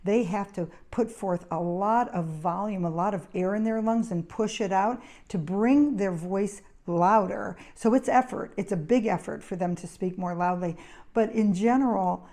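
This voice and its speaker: Middle-aged woman therapist-host, chatty anecdote teller, mellow tone. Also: mid-range voice, moderate pace. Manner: chatty storyteller, anecdotes with acted quotes. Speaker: occupational therapist and show host. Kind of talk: casual advice talk to camera.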